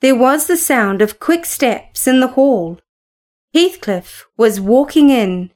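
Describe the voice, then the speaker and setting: A woman reading a classic story aloud in a steady, measured way. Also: sits high. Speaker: narrator.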